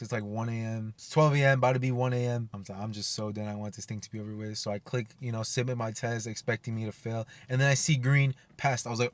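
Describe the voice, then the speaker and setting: A man's voice: mid-range voice, little pitch movement, fast, hardly any pauses. Rambling young man telling a story. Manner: rambling, lots of "like" and swearing. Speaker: personal trainer vlogger. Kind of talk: casual storytelling vlog.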